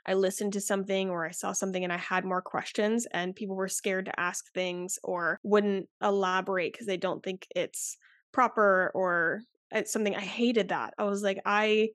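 A young woman in her twenties talks as a podcast guest in a loose, candid, rambling way, circling back and restarting her sentences. Her voice sits at a middle pitch. The sound is dry and close, with no room echo. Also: fairly even intonation, normal speed, a bit bright. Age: 20s. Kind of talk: casual interview chat.

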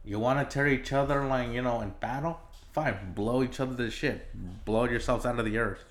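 A man's voice: medium pitch, fairly even intonation, moderate pace. A man hosting a solo podcast, ranting in a casual, exasperated way, swearing often and rambling with fillers and restarts. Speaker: podcast host.

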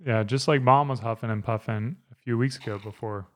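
A man's voice: mid-range voice, brisk. A man in his thirties hosting a casual podcast, rambling with lots of fillers and easy laughs. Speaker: podcast host.

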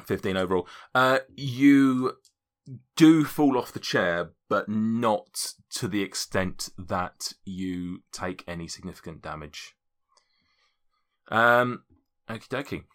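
A man's voice: on the low side, expressive, takes it slowly, a bit bright. A man running a tabletop game, rambling and correcting himself as he narrates. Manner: rambling, self-correcting, laughs often. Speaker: game master.

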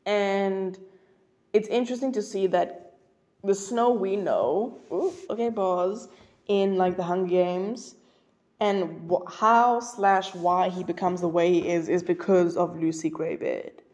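Woman podcast host, solo chat, mellow and warm tone, rambly with constant fillers. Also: fairly low pitch, fairly even intonation, slow, highs cut off. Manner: rambling, many fillers and restarts; gushing, emphatic.

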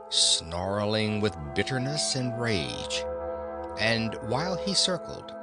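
A man narrating a classic novel as an audiobook reader, in slow, expressive storytelling. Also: fairly low pitch. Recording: narration over background music.

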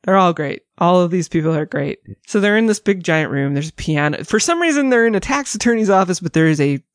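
Guy on a movie podcast, kinda high voice, dry close mic, gets worked up retelling scenes. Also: fast, no echo. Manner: excitable, swears freely, retells scenes with quoted voices. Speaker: podcast co-host. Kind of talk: casual movie-review chat.

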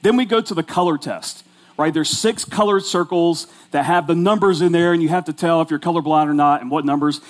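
A pastor in his forties tells a story in his sermon with a chatty, self-mocking delivery, dropping "like" into his lines. His voice sits a little higher than most men's. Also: brisk. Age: 40s.

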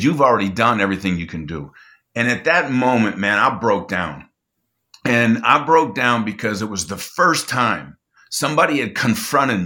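A man's voice: mid-range voice, pushed and bright. A middle-aged man telling a personal story as a podcast guest, earnest, often repeating words and restarting his sentences.

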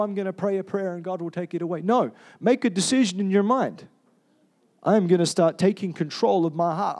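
A man preaching a sermon, emphatic and personal, asking rhetorical questions and slowing down to stress key words. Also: sits high, darkish tone. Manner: confessional storytelling.

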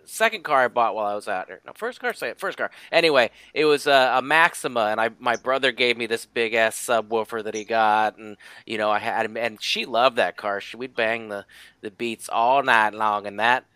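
A man's voice: medium pitch, moderate pace, sharp tone, clean tone, no room sound. A man in casual podcast chat, rambling and restarting, slipping into playful mock-lecturing. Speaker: podcast panelist.

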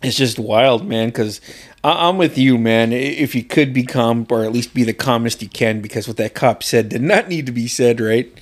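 A man's voice: medium pitch, normal speed. Swearing, laughing man telling stories. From southeast Alaska. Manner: swears freely, acts out quotes loudly, laughs often. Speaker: podcast co-host. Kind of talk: casual storytelling chat.

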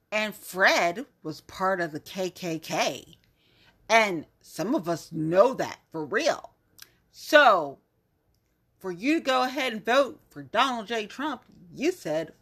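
A woman hosting a podcast in a loose, casual monologue, blunt and heavy on profanity. She drags out her words at an unhurried pace. Her tone is bright and forceful, with exasperation running through it. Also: mid-range voice. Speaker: podcast host.

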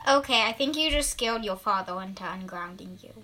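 A woman's voice: mid-range voice, animated, a little fast, pushed and bright, low-quality recording. A woman joining in pretend play, asking quizzical, teasing questions.

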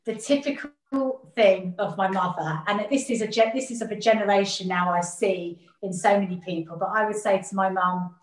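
A woman's voice: medium pitch, normal speed, few pauses. A woman speaking earnestly as an interview guest, reflecting on her family and often repeating words as she gathers her thoughts. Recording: roomy echo.

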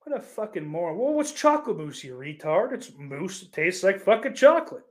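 Male streamer, sarcastic profane ranter, slightly high voice, roomy echo. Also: sing-song, brisk. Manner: sarcastic, profane, bursts into mocking yells. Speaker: streamer reading chat comments. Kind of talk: casual crude rant.

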